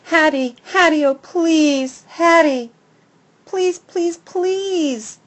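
An excitable young male dog , played by a woman, talks in a high, yappy voice that climbs well above the narration. He is food-obsessed and dramatic, whining and pleading over the top. This is a storybook read-aloud. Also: unhurried.

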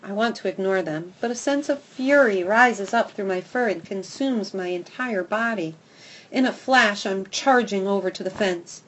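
A woman narrating a children's storybook in the first person, expressive and lively. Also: mid-range voice, normal speed. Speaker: audiobook narrator.

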